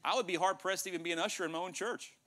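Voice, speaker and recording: A male pastor preaching a sermon in a church, animated, joking with the congregation and acting out dialogue. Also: sits high, very fast. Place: church sanctuary.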